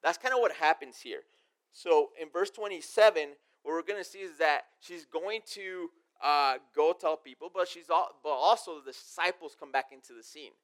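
A man's voice: on the high side, moderate pace, a bit bright. A man preaching a casual sermon, reading scripture verses aloud and then explaining them in everyday, conversational terms. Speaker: pastor.

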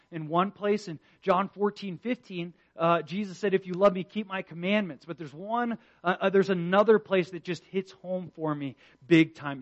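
Man preaching, high voice, earnest, swings loud and soft, dull lo-fi recording. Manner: earnest, swings between loud emphatic lines and hushed ones; repeats words at phrase starts. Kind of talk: sermon.

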